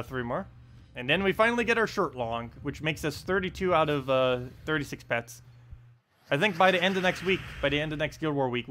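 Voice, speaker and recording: A man's voice: medium pitch, fairly bright tone, slight background noise. A young man with a New Jersey accent giving casual, rambling commentary while he streams a game, full of ums and uhs. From United States. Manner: rambling, many ums and uhs, chuckles at himself. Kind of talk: casual live gameplay commentary.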